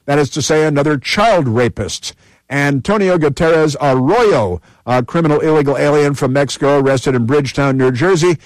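A man's voice: on the high side, moderate pace, dry recording. Man reading a list with pointed repeats. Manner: emphatic, repeats phrases for effect.

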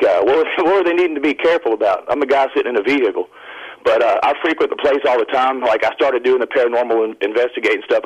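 A man calling in to a radio show, telling a long excited story in a rambling, self-interrupting way. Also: mid-range voice, breathy edge, muffled recording. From Indiana. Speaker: caller. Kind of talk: phone-in storytelling.

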